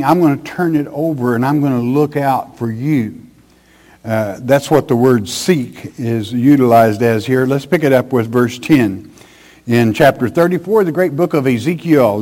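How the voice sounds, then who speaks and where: A man preaching a Bible-teaching sermon in a folksy, emphatic way, often checking in with "okay?". He reads scripture loudly and drops to a soft tone for comfort. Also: mid-range voice. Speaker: pastor.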